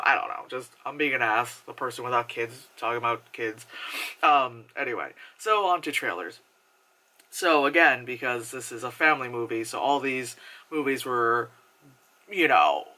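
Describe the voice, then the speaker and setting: Bright-voiced rambling movie reviewer. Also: medium pitch. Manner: rambling, profane, lots of "like" fillers. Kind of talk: casual movie review rant.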